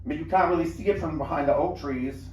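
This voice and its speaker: A man plays a laid-back young husband with an easygoing, drawling way of talking, pitched high. The voice echoes through a roomy lounge from a distant mic. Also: quick pace, a little mellow, slight background noise, close to an everyday voice.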